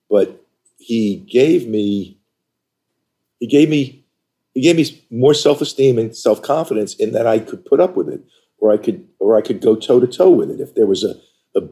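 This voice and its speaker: An older man from New York, an interview guest telling stories about his career in an animated, emphatic way. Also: fairly low pitch. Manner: animated, emphatic storyteller who acts out quoted dialogue. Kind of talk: conversational storytelling.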